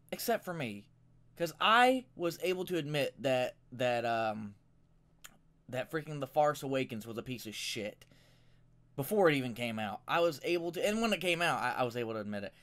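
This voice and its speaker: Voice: medium pitch, fairly bright tone. A vlogger delivering a profane, exasperated and rambling rant into a microphone set a little way off. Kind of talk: angry ranting commentary.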